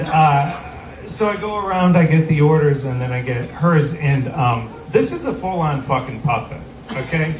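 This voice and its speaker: A middle-aged man doing stand-up, telling a long rambling story with asides and acted quotes. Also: mid-range voice. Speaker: stand-up comedian. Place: live comedy venue with audience. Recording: roomy live recording from a distance, loud ambience. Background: audience laughter.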